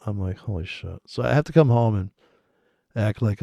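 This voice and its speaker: A man's voice: lowish voice, moderate pace, vocal fry, dark tone, no room sound, highs cut off. A man rambling sarcastically and profanely in casual chat about trading over charts. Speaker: trading commentator.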